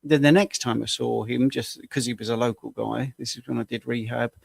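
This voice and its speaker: A man in his sixties, a health coach, telling client stories in a relaxed, measured way during a casual chat. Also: medium pitch, creaky, breathy edge, dry recording. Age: 60s. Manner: anecdotal, measured storytelling.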